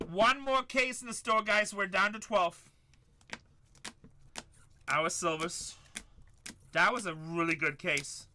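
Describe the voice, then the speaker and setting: A man's voice: high-pitched, fairly even intonation, slow pace, long pauses, slight background noise. A middle-aged man hosting a live card break, hyping up the chat and repeating his calls. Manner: hyped, shouts up to the chat, repeats lines.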